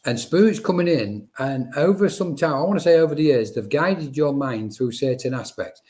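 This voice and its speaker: A man's voice: a little high, expressive, normal speed, a little mellow. Chatty male medium on a live stream. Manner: chatty and reassuring, addressing viewers by name. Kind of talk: live-streamed spirit reading.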